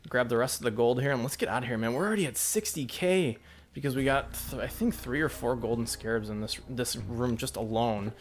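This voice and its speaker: A man giving casual let's play commentary, thinking aloud and getting excited at close calls. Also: medium pitch, brisk. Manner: chatty, excitable, thinks aloud about each move. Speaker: gameplay commentator.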